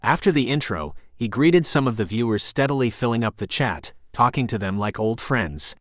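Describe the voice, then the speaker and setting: This is a male audiobook narrator reading a script in a steady, mid-range voice at a moderate pace. The recording is dry and of studio quality.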